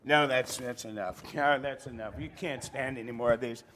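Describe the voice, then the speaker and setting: A man's voice: mid-range voice, fairly even intonation, moderate pace, a bit bright, slight background noise. Folksy man telling fish jokes live. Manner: folksy, joking. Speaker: storyteller and singer. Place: retirement center.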